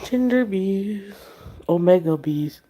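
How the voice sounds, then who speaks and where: A woman's voice: medium pitch, expressive, slow, dark tone, a little hiss or hum. A woman with a sick voice chatting on a livestream, rambling between reading out chat comments and talking to her pet.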